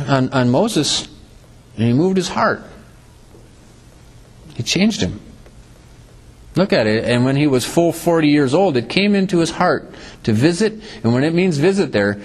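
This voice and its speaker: A man preaching a sermon, reading scripture and explaining it, his voice dropping low and rising again for emphasis. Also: big pitch swings, normal speed, pauses often.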